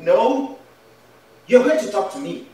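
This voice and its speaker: A man plays a jealous husband who swings from accusing his wife to pleading with her. His pitch moves a lot. He sounds far from the mic in a very echoey room, with faint ambient noise. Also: expressive, a little slow, warm tone. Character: jealous, abusive husband demanding the truth. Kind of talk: indie film drama. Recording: roomy echo, voice from a distance, faint ambience.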